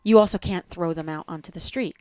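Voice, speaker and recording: A woman's voice: on the low side, brisk, a little mellow, no echo. A woman with a New Jersey accent, a yoga teacher in a podcast conversation, speaking earnestly and stacking short repeated phrases.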